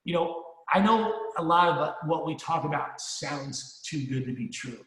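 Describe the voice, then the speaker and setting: A middle-aged man with a higher-pitched, slightly bright voice delivers a punchy, rallying motivational speech at a sales meeting. He's animated but a little slow, swearing casually and repeating himself for emphasis. The hall is echoey, with long reverb.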